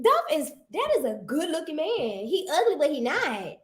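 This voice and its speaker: A woman in casual livestream chat, animated and teasing, repeating herself for emphasis. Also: sits high, a little fast, few pauses.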